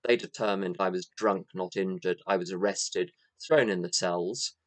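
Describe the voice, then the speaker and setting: This is an AA speaker, an older English man, recounting his recovery in a meeting room with candor, self-mockery, and rhythmic repetition. His voice is deep, his pace moderate, and there's no room sound.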